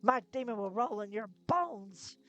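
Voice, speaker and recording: A woman's voice: a little high, animated, fairly bright tone, dull audio, voice pushed up. Woman voicing a sneering shadow phantasm. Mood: sneering menace. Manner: slow, sneering, supremely confident. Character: sneering, faceless shadow-phantasm sorcerer, menacing. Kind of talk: live reading of a novel.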